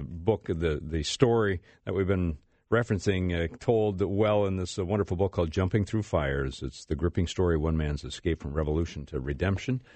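A male radio host introducing his guest, speaking haltingly with frequent fillers. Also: deep voice, darkish tone, no room sound. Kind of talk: radio show host segue.

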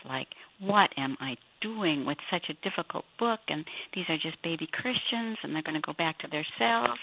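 Husky-voiced woman guest on a tinny phone line. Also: deep voice. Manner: animated storyteller acting out quoted voices. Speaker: author and Bible teacher, guest. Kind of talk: storytelling radio interview.

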